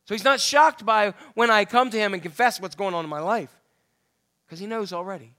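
In a loose, conversational sermon, a man with a high, bright voice reads scripture at a brisk pace. He keeps turning questions back to his listeners.

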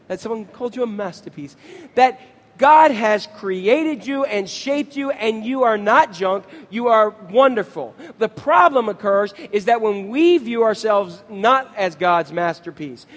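Pastor guy preaching, high voice, keeps quizzing the crowd, echoey church. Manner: animated, asks the congregation questions. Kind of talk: sermon.

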